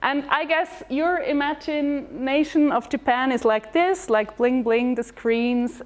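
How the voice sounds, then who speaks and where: A woman gives a short presentation talk in an event hall, speaking slowly with few pauses in a high-pitched voice. She's lively and chatty, and her delivery is full of fillers and restarts.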